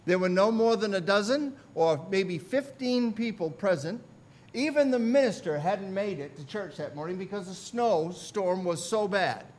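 A male pastor telling a story in a sermon, deliberate and narrative, building on repeated phrases. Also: high voice, animated, darkish tone. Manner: deliberate, narrative, repetitive cadence.

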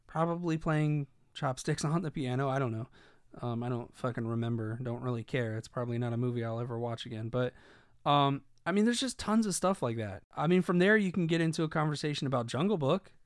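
A man's voice: medium pitch, fairly quick, clear, resonant tone, dry recording, studio quality. A man giving casual video commentary, rambling and swearing, with many fillers and restarts.

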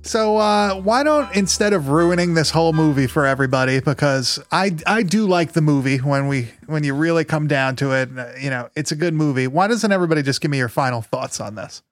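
A man's voice: fairly high pitch, a little fast, few pauses, soft background music. Joking man hosting a podcast. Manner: jokey, laughs often. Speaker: podcast host. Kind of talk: casual podcast chat.

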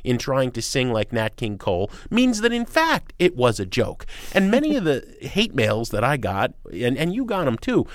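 Emphatic, animated male radio critic. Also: mid-range voice, no room sound, clean studio sound. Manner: emphatic, sarcastic, quick asides. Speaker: radio show co-host and music critic. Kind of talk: animated opinionated chat.

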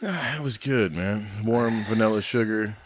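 A man's voice: fairly low pitch, moderate pace, slight background noise. A middle-aged man on a podcast, casually telling rambling stories full of swearing and laughter. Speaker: podcast host. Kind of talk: casual storytelling chat.

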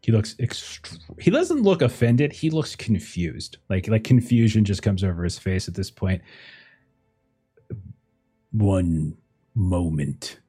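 A man narrating a tabletop game as game master, his voice low, dark and husky. He talks loosely and conversationally. Soft music plays faintly beneath him. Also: big pitch swings, normal speed, few pauses.

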